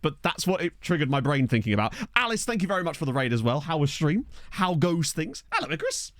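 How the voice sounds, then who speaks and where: A man's voice: on the high side, sing-song, a bit bright, no room sound, clean studio sound. A man chatting casually on a live stream, thanking viewers and joking as he plays a football management game. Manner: chatty and jokey, thanking viewers, quick laughs. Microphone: desk microphone.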